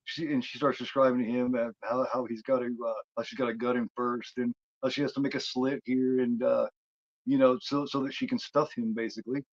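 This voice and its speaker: A podcast co-host rambles his way through a film's plot in casual conversation, constantly stopping and starting over, full of fillers. His mid-range voice is flat and brisk, heard through a muffled, lo-fi recording that sounds dry and close with no room sound.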